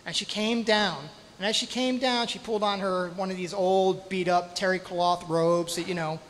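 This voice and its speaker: A man performing a true story live on stage, dramatic, with pauses, spoken sound effects and self-deprecating humor. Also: high-pitched, fairly even intonation, a bit bright, a little hiss or hum. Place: stage in a hall at a storytelling night. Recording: hall reverb, faint ambience.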